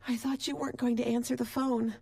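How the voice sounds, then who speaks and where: A woman voicing an anxious young woman who speaks higher and breathier, tender and emotional. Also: expressive, normal speed, darkish tone.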